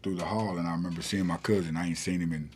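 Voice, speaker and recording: A man's voice: sits low, steady tone, very fast, darkish tone, a little hiss or hum. A man, a podcast guest telling a long story in a rambling way with many fillers and restarts. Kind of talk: casual storytelling in an interview.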